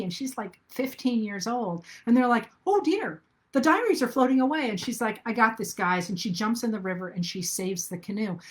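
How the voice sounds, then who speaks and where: A middle-aged woman speaks live into a webcam to her regular viewers. She is earnest and thinks aloud, so her sentences stop, restart and trail into fillers. Her voice sits at an ordinary pitch for a woman. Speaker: historian hosting a live video talk. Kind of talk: casual live-stream talk.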